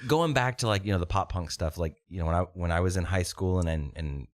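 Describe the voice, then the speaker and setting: A man's voice: sits low, fast talker, no room sound, studio quality. A man in his thirties hosting a podcast in casual chat, rambling and swearing with lots of restarts. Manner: rambling and profane, with frequent restarts. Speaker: podcast host.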